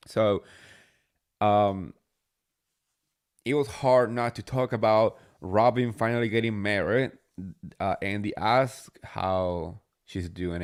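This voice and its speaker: A man hosting a casual recap show, chatty and sarcastic, talking with many fillers. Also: lowish voice. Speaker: podcast host.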